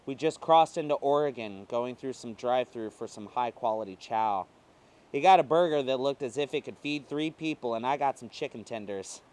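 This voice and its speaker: A man reading a first-person short story aloud, emotive and swinging between quiet passages and intense ones. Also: mid-range voice, normal speed. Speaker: reader.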